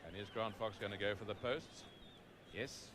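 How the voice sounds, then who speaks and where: A middle-aged man giving live rugby play-by-play commentary, calm for background facts and rising to excited calls at big moments. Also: fairly low pitch, moderate pace, very noisy.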